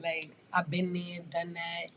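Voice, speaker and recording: A woman's voice: on the low side, completely flat delivery, measured pace, fairly bright tone. A woman in her twenties talking in a casual podcast chat, blunt and emphatic, swearing freely. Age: 20s. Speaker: guest rapper.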